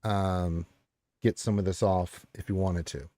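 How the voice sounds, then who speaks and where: A low-voiced man runs a tabletop game as dungeon master. He talks the rules through in a rambling way, full of ums and uhs, with quiet music playing underneath. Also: steady tone, unhurried, no room sound.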